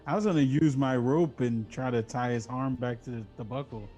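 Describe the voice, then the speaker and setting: A man's voice: mid-range voice, a little fast, dark tone, soft background music. A man playing a tabletop role-playing game, chatting casually and cursing as he describes his character's moves. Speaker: player.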